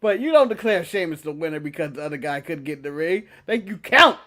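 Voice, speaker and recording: A man co-hosting a casual wrestling recap, animated and jokey, often laughing and slipping into mock voices. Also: a little high, fast talker. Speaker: podcast co-host.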